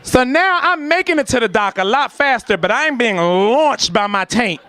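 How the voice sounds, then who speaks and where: A man doing a stand-up comedy set, telling a story with lively acted-out voices and shouts before a laughing audience. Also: very high-pitched, normal speed, a little hiss or hum.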